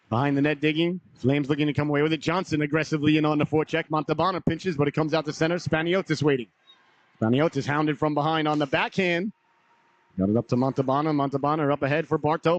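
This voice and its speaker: Hockey play-by-play guy, bit hoarse, higher voice, rattles off names with folksy asides, muffled lo-fi audio. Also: no echo. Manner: brisk name-by-name calls with folksy asides. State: slightly hoarse. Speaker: play-by-play announcer. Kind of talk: live hockey commentary.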